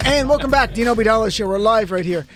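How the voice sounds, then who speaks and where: A man hosting a live panel talk show, telling stories in a joking, animated way. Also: high-pitched, fast, soft background music.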